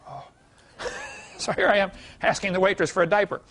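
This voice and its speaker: A man's voice: high-pitched, brisk, gravelly, a bit bright. A man giving a folksy classroom lecture, telling anecdotes with chuckles and many "you know"s.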